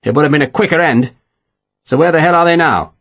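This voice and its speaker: A man's voice: mid-range voice, sing-song, a little fast, husky. A man voicing a foul-mouthed, irate older general who barks scornful orders in an audiobook. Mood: angry scornful. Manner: scornful, swearing, barking.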